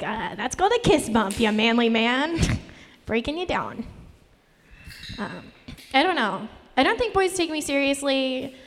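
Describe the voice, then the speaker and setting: A young woman comic works a live comedy venue with a nervous, meandering, self-deprecating set, and she always sounds on the brink of tears. Her voice is high, there's slight background noise, and the room rings with long reverb.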